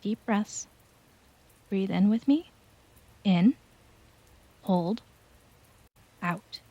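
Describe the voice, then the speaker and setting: A woman voicing a gentle, sleepy girlfriend. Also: mid-range voice, very slow, no echo. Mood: soothing. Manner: soft, soothing, sleepy. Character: gentle caring young woman, the narrator's girlfriend. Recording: dull lo-fi home recording.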